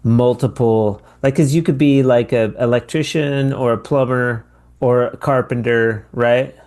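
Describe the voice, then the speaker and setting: A man's voice: mid-range voice, fairly even intonation, measured pace, a little mellow. A man from the United States hosting a podcast, easygoing and joking, repeating his guest's answers back. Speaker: podcast host. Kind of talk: casual interview chat.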